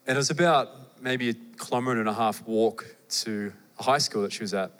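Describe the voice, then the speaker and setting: A young adult man with an Australian accent, preaching a sermon in a conversational, animated way with asides to the listeners. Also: mid-range voice, fairly quick. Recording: long hall reverb.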